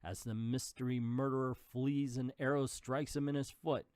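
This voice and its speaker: A man's voice: medium pitch, steady tone, normal speed, darkish tone, no room sound, clean studio sound. A man reading an old comic book aloud and adding jokey asides. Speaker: comic book reader and commentator.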